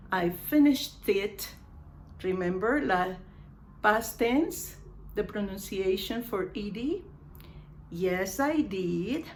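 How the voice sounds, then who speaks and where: In a medium-pitched voice accompanied by a slight hiss or hum, a Spanish-speaking woman gives an English grammar lesson. She repeats every example sentence slowly and drops in comments in Spanish.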